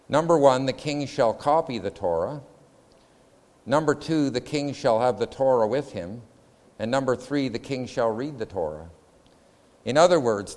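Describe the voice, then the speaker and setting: A man's voice: medium pitch, darkish tone, in a large hall. A man giving a classroom lecture on scripture, laying out points in numbered order and putting questions to his students. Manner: methodical, counts points aloud, asks the class questions.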